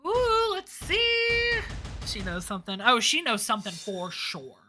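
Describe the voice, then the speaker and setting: A young woman streamer giving emotional let's play commentary, moving between loud wails and low murmurs, swearing freely. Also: wildly swooping pitch, measured pace, slight background noise. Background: lofi music.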